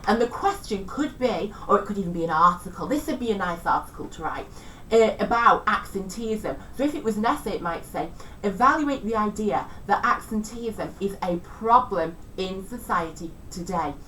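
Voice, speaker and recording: Woman teacher, chatty revision lesson, a little far from the mic, faint rumble behind. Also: lively intonation, normal speed, fairly bright tone. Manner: chatty, self-deprecating, tries out regional accents.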